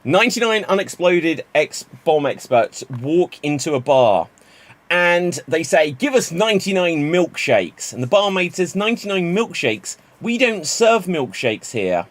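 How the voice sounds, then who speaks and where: A man's voice: a little high, big pitch swings. Man hosting an improv stream. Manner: chatty, laughs at jokes, quick to move on. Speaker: improv show host. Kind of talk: improv comedy stream, calling on players.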